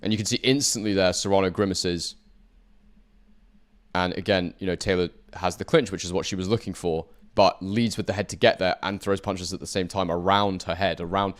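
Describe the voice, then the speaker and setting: A man giving measured, explanatory analysis of a boxing fight as a guest. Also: low voice, steady tone.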